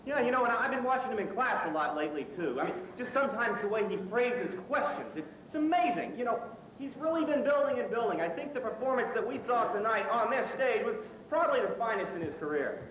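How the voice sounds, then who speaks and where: A man with a high, animated voice delivers mock film-critic banter, stammering and self-important. The sound comes from an old camcorder tape in a hall with lots of echo and a faint hiss. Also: fast talker. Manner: stammering, pompous. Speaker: student comedy skit performer. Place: stage in a hall.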